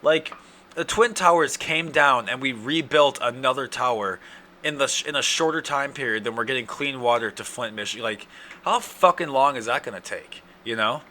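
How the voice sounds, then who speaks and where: A man's voice: mid-range voice, normal speed. Ranting Midwestern man, dry throat. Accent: Upper Midwest. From Wisconsin. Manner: ranting, profane, loud outbursts. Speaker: podcast host. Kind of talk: casual solo rant.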